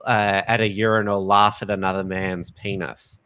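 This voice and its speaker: Male host, measured and hesitant, slightly low voice with a bright edge. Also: level tone, clear, resonant tone. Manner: measured, hesitant, repeats words when starting. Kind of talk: casual chat.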